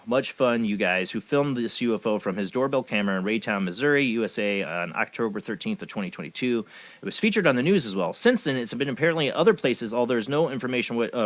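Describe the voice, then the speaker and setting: A man's voice: medium pitch, no echo. A man hosting a talk show, rambling along in a cynical, sarcastic way. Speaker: show host. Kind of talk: casual talk radio commentary.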